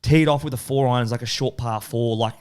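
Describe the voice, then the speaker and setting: A man's voice: mid-range voice, steady tone, fairly quick, darkish tone, clean tone. A young Australian man hosting a podcast, telling stories in casual, swearing, self-mocking chat. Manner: storytelling, swears, laughs at himself. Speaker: podcast host.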